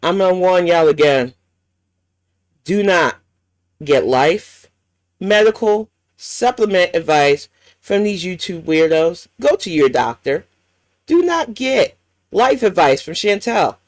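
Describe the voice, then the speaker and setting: A woman's voice: lowish voice, expressive, slow pace, pauses often, no echo. A woman hosting a reaction commentary, ranting bluntly and swearing often. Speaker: commentary channel host.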